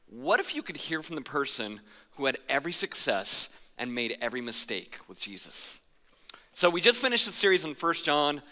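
A male pastor tells a funny childhood story from the stage, acting out the crowd's counting and his own shouts. His voice is sharply bright and forceful. The sound rings with the long reverb of a large church hall. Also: on the high side. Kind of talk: sermon with personal story. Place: church auditorium.

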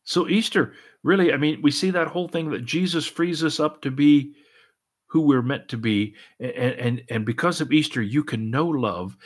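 A man's voice: fairly high pitch, normal speed, slightly rough. A middle-aged man preaching a sermon earnestly, full of repeats and restarts. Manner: repetitive, earnest, many restarts and "and, and". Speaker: pastor.

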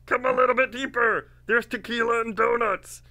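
A man voicing a monstrous goat man who lures victims with a high, breezy, coaxing fake voice. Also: fairly even intonation, normal speed, sharp tone, dry recording, full character voice.

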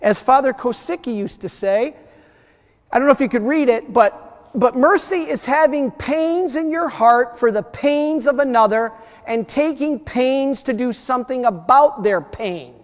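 A man's voice: very high-pitched, normal speed. A man giving a sermon as a priest at a parish mission, telling stories, acting out the voices in them and repeating his key phrases. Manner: storytelling preacher, repeats key phrases, acts out quoted voices. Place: church. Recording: church hall reverb.

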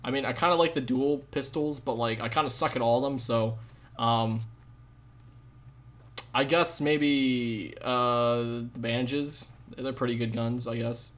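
A young man live-streaming a game, chatting with viewers in a jokey, rambling way with sudden loud outbursts. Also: medium pitch, steady tone, a little slow. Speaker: gaming streamer. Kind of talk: live gameplay commentary with chat.

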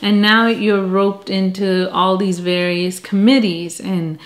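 A middle-aged woman chatting casually about books she has read, self-deprecating, with animated asides. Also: mid-range voice, slow. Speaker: book reviewer. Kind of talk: casual chat.

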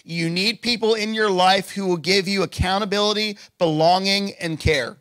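Pastor guy preaching, chatty and all over the place, kinda high voice, dry sound. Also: moderate pace, fairly bright tone, dry recording. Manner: conversational storytelling with many restarts and fillers. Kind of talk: sermon. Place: church.

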